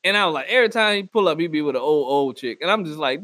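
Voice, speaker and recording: A man delivering a loud, profane comedic rant and often slipping into mock voices. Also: a little high, lively intonation, rapid-fire, no echo. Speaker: comedy podcast host. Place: Northwest Arkansas.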